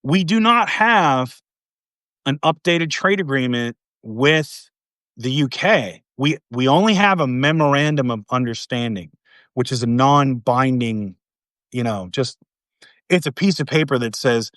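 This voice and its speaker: A man's voice: medium pitch, lively intonation, measured pace, a bit bright, dry recording, clean studio sound. A man hosting casual political commentary, rambling and sarcastic, with many fillers and restarts.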